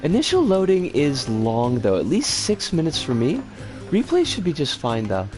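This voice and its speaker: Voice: wildly swooping pitch, moderate pace, soft background music. A game streamer chatting casually over gameplay and greeting viewers by name. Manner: chatty, greets viewers warmly, swings pitch a lot. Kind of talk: casual live game commentary.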